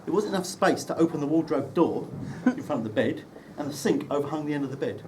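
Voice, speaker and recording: A man with a slightly high, expressive voice speaks at a quick pace during a wedding reception indoors. His speech gently mocks the groom through dry anecdotes with sharp timing. Loud room noise fills the recording, which comes from a distant mic.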